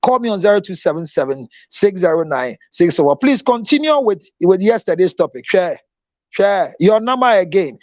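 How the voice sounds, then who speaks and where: A man's voice: high voice, expressive, moderate pace, no echo. A man with a Ghanaian accent, a counselor and show host, giving upbeat promotional announcements and repeating phone numbers.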